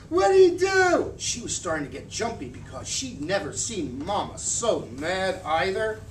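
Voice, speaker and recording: A man reading a children's novel aloud in an expressive, animated storytelling style. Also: sits high. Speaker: reader. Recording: roomy, from a distance, faint hiss.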